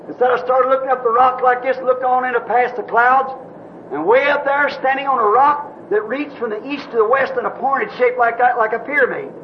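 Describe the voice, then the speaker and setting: A man's voice: very high-pitched, steady tone, fairly quick. A male preacher telling a long story in a sermon, in a folksy, rambling way, repeating "said" again and again. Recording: dull old tape recording with faint hiss.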